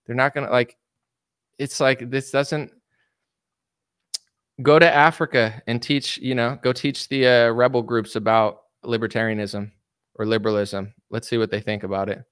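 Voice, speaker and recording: A man's voice: medium pitch, steady tone, moderate pace, a bit bright, clean tone, no echo, studio quality. A man ranting casually on a livestream, reading out and answering chat comments with lots of fillers and restarts. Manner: rambling, filler-heavy, frequent restarts. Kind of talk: casual political rant.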